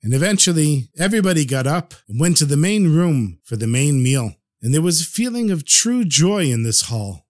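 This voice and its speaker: Animated male storyteller, dry close sound. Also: a little high, normal speed, hardly any pauses, dry recording. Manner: animated, expressive narration. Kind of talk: podcast storytelling.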